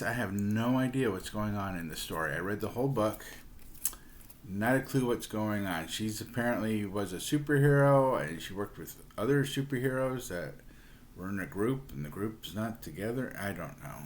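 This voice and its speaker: Low-voiced man rambling about comics. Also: expressive, moderate pace, slight background noise. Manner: chatty and rambling, with many fillers and restarts. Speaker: comic book collector. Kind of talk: casual show-and-tell vlog.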